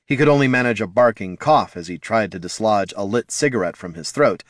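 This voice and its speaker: A man narrating an audiobook in an expressive storytelling manner. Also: lowish voice, fairly quick, hardly any pauses, dry recording, clean studio sound.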